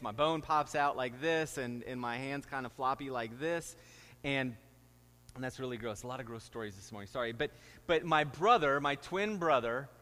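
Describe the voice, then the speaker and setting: A man's voice: mid-range voice, a bit bright, long reverb tail. A middle-aged man, a pastor, preaching a sermon and telling stories with rising, emphatic delivery. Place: church sanctuary.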